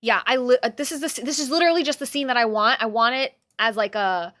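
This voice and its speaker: Brief: bright, sharp young woman streaming, close and dry on the mic. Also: a little high, fast talker, dry recording. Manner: talks to herself and to chat, swears, swings loud. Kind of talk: casual chat.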